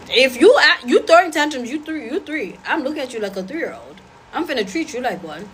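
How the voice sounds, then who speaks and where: A woman's voice: high-pitched, sing-song, a bit bright, slight background noise, rough recording. A woman giving blunt, sassy dating advice in casual talk to an audience. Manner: blunt, sassy, rapid-fire.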